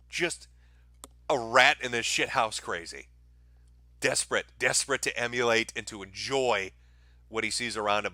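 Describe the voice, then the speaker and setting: A man hosts a commentary show, reacting to video clips with profane sarcasm. His voice is very bright and cutting. The recording is close and dry. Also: mid-range voice, no room sound. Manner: mocking, profane, mimics people in sneering voices.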